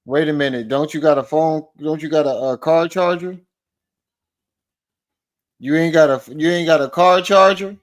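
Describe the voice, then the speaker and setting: A man's voice: on the high side, steady tone, moderate pace, long pauses. Man mocking a livestream clip. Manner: incredulous, mocking, repeats lines back. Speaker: commentator reacting to a livestream clip. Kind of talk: mocking commentary.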